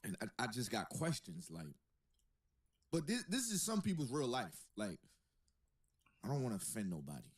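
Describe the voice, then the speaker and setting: A man's voice: mid-range voice, huge pitch swings, normal speed, long pauses. A man hosting a podcast, reacting with incredulous jokes and laughter in casual banter. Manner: incredulous, joking commentary with laughter. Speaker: podcast host.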